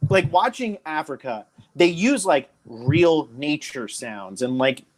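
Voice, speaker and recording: A man's voice: a little high, lively intonation, slow pace. A young man from New Jersey co-hosting a podcast, talking casually and enthusiastically with lots of fillers. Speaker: podcast co-host.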